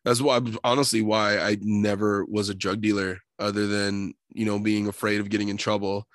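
A young adult man in casual chat, laughing often and telling stories with lively quoted voices. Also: fairly low pitch, moderate pace, dry recording, clean studio sound.

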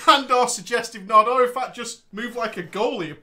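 A woman's voice: a little high, normal speed, pushed and bright. A woman co-hosting a comedy podcast, reading a story aloud and teasing, often giggling.

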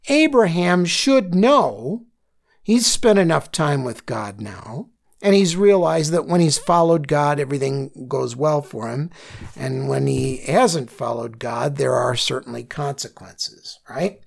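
A man's voice: a little high, animated, unhurried, vocal fry. A man teaching a Bible study lesson, telling listeners to underline and circle words and often checking in with "okay?".

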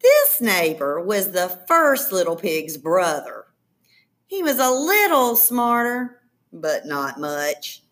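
A woman reading a children's story aloud in an expressive, playful storytelling manner. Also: medium pitch, slow pace.

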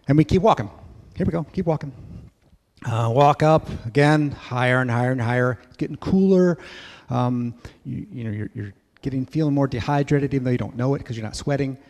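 A man telling a story in a sermon at church, lively and acting out voices. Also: mid-range voice, big-room sound. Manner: animated storyteller, acts out kids' voices. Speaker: church speaker.

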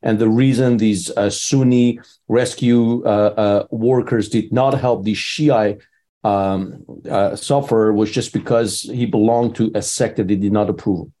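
Male host, measured explainer, mellow dark tone. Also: on the low side, fairly even intonation. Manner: measured and explanatory, with some fillers. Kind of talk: explanatory aside to viewers.

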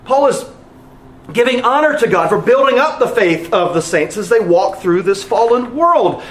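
A pastor preaching with a high voice that leaps up and down in pitch. He presses his points earnestly, repeating phrases for emphasis. His voice rings in a roomy, echoey sanctuary. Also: lively intonation, normal speed. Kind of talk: sermon.

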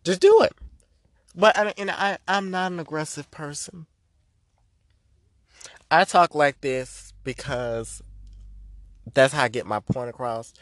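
A man's voice: fairly high pitch, steady tone, slow pace, long pauses, fairly bright tone, dry recording, clean studio sound. A man hosting a podcast as a spiritual reader, delivering a blunt, profane, emphatic rant. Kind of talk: ranting podcast monologue.

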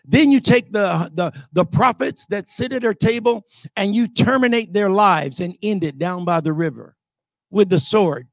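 High-voiced man preaching with shouts. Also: normal speed, dry recording, studio quality. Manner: emphatic, often shouting, rhetorical calls to the crowd. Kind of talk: sermon.

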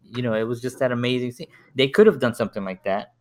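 A man chatting casually, circling his points with stops and restarts. His voice sits in an ordinary middle pitch. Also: quick pace. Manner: rambling, full of restarts and repeated words. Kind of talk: casual chat.

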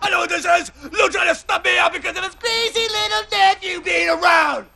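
A man's voice: very high voice, a little fast, creaky, pushed and bright, raised voice, exaggerated voice. An actor in a film scene playing an enraged, paranoid man who screams slurred threats at his girlfriend. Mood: screaming rage.

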